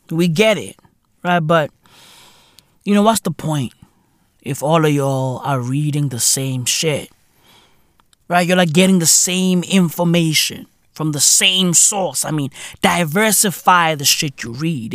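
A young South African man hosting a podcast, ranting in a casual, profane, comedic way with shouting and laughter. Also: high-pitched, dry recording, clean studio sound. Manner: animated, profane, bursts into loud laughter and shouting. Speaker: podcast host.

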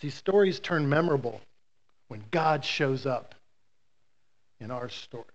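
A male pastor preaching a sermon, telling a Bible story with animated, playful asides to the congregation. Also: medium pitch, measured pace, muffled recording.

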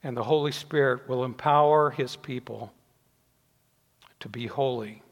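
Older preacher in a reverberant church. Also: male voice, medium pitch. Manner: measured preaching, dropping softly at phrase ends. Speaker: pastor. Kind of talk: sermon. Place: church sanctuary. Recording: long reverb in a church hall.

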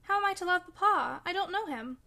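A delicate, fretful boy asks anxious questions in a high, plaintive voice, as a woman reads him in a storybook. His tone is bright and a little whiny, anxious and reluctant. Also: animated, fast talker, gravelly, exaggerated voice.

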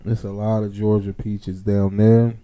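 A man chatting casually on a podcast, hyped and full of shout-outs. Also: on the low side, little pitch movement, a little slow. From Philadelphia. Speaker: podcast host.

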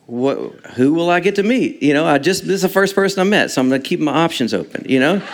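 Halting man laughing through a story. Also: fairly high pitch, animated. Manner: halting, many restarts, laughs often while talking. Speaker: guest telling a personal story. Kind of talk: casual storytelling.

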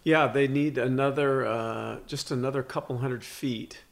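Gravelly man, halting talk. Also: mid-range voice, steady tone. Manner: knowledgeable, halting with many fillers. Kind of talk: casual chat.

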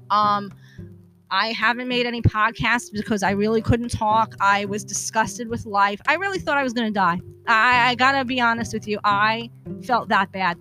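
A woman hosting a podcast, telling a personal story in a candid, profane, animated way, acting out the dialogue she quotes. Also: fairly high pitch, normal speed, soft background music. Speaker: podcast host. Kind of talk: casual storytelling monologue.

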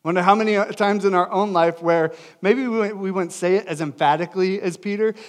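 A young adult man preaching a sermon as pastor, earnest and emphatic, swinging between loud and hushed delivery. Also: sits high, a little fast.

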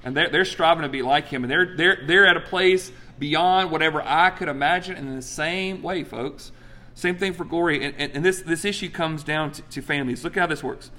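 Male pastor, 40s, high voice, animated storyteller, loud bursts and hushed earnest asides. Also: brisk. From United States. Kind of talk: sermon.

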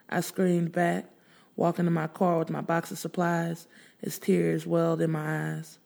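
A woman's voice: fairly low pitch, flat delivery, normal speed, vocal fry, darkish tone. A woman narrating a dramatic first-person story in a blunt, profane, emotional way.

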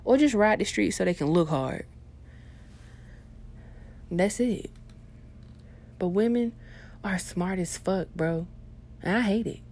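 A young woman delivering a profane comedic rant, swinging between hushed asides and loud outbursts. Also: mid-range voice, takes it slowly, long pauses. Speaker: vlogger.

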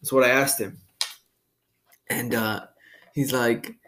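A man's voice: medium pitch, steady tone, takes it slowly, a bit bright. Laid-back profane young man podcasting. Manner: profane, laid-back, says "dude" a lot, laughs often. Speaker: podcast host. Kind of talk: casual chat.

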